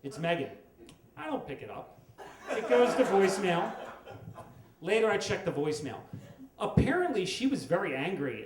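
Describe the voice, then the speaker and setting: A middle-aged man telling a comic story on stage at a storytelling event, wry and with dramatic pauses. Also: a little high, very animated. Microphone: stage microphone. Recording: echoey live room with faint noise.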